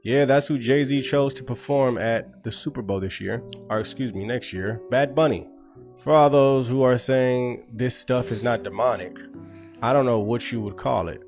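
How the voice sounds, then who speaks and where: A man's voice: medium pitch, normal speed, darkish tone, faint music behind. A man giving opinion commentary in a sarcastic, accusatory tone.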